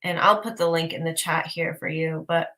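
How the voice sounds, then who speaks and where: A woman's voice: low voice, steady tone, normal speed, fairly bright tone. A woman coach talking casually on a live stream, enthusiastic and rambling, with plenty of fillers. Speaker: intuitive art coach.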